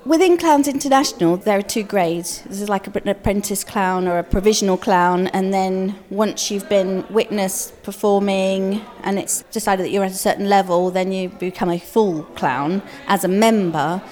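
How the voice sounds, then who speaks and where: A woman's voice: medium pitch, normal speed, hardly any pauses, a little mellow. A middle-aged woman who works as a clown, answering interview questions earnestly.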